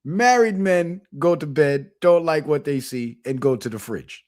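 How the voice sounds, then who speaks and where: A man's voice: a little high, lively intonation, measured pace. A man voicing a wise old male monkey elder with a put-on Jamaican accent, delivering blunt, matter-of-fact answers. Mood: knowing.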